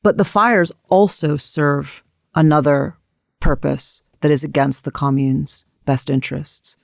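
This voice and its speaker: An American woman co-hosting a history talk, her voice gravelly with a creaky edge. She tells events in a vivid, emphatic way. The sound is close and dry. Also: sits low, dry recording. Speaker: co-host. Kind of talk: history discussion.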